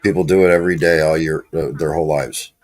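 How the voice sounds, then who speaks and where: A man with a husky voice in a casual chat, matter-of-fact and profane. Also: very deep voice, steady tone, quick pace, darkish tone. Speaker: co-host.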